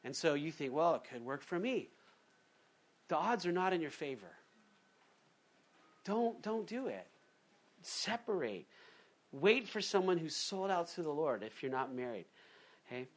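A man preaching a sermon in a conversational, animated way, acting out little quotes as he goes. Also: a little high, unhurried, pauses often. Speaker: pastor.

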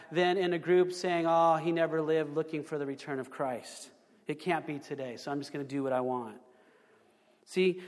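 A man's voice: on the high side, big-room sound. A man preaching a sermon in a conversational way, asking the congregation questions and repeating himself as he builds his points. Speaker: pastor.

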